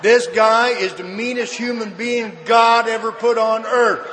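A middle-aged man sharing his story with a live audience at a recovery meeting, a folksy comic storyteller with dry deadpan asides. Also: very high-pitched, a little slow, hardly any pauses. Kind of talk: humorous personal testimony to an audience. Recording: reverberant hall, faint background noise.

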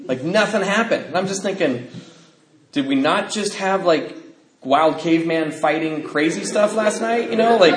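A man's voice: high-pitched, roomy sound, poor audio. A man sharing a personal testimony, telling the story of his life candidly, with fillers and nervous laughs.

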